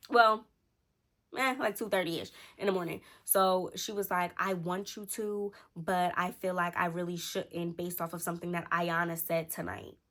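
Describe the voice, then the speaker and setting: A woman's voice: lowish voice, normal speed. A young woman vlogger telling a casual storytime to her viewers, acting out what her friends said. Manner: animated, acts out quotes from friends.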